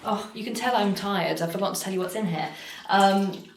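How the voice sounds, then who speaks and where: A woman's voice: medium pitch, moderate pace. Chatty British woman in an echoey office. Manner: chatty, goes off on tangents. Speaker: cleaning vlogger. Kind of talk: casual chat while cleaning. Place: office building indoors. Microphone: camera set down in the room. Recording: echoey room with faint noise.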